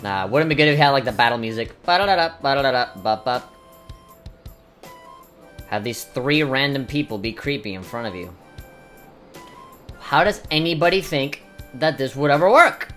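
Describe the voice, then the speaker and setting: Woman game commentator, low voice, lively swings, sarcastic and crude, game music under. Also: moderate pace. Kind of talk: let's play commentary.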